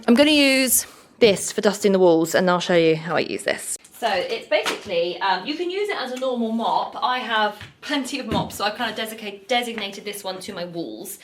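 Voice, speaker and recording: A young British woman chatting casually while she cleans an office, often drifting into tangents, recorded on a camera set down in the room. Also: medium pitch. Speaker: cleaning vlogger. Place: office building indoors. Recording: echoey room with faint noise.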